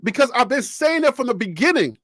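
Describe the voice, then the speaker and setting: High-voiced man hosting a sports stream. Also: brisk, no room sound, studio quality. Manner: animated, talks straight to viewers and chat, laughs often. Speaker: sports channel host. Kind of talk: casual live-stream commentary.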